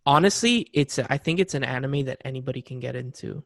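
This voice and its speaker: A young man co-hosting a podcast in casual chat, animated and swearing freely with lots of fillers. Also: medium pitch, fairly quick, vocal fry, no echo, studio quality. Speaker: podcast co-host.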